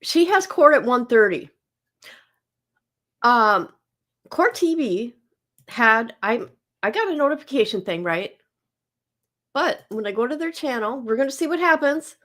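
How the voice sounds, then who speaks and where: Slow-talking woman chatting on a livestream. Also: a little high, very animated, fairly bright tone. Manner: chatty, talks straight to viewers, repeats herself. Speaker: livestream host. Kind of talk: casual livestream chat.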